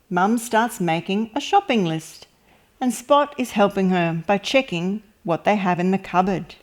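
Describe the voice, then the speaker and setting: Woman, children's story reader, unhurried pace, gentle expressive read-aloud. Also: mid-range voice. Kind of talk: reading a picture book aloud to kids.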